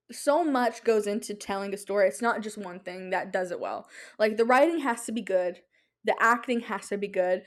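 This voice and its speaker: A young adult woman hosting a podcast in casual chat, talking in an excitable, rambling way with many fillers. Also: medium pitch. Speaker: podcast host.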